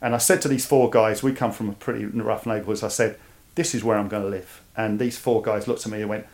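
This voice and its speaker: A man's voice: on the low side, fast talker. Man with a Cockney accent, telling a story. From East London, England. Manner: animated, repeats words when starting a thought. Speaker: guest, army veteran. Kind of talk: casual storytelling interview.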